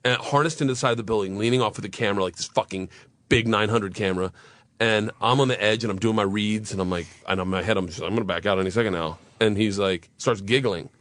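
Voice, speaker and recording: A man's voice: fairly low pitch, fast, no room sound. A man in his thirties telling a wild story on a radio talk show, swearing freely and acting out the voices of the people in it. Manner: animated, swearing, acts out voices in his stories. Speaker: guest storyteller.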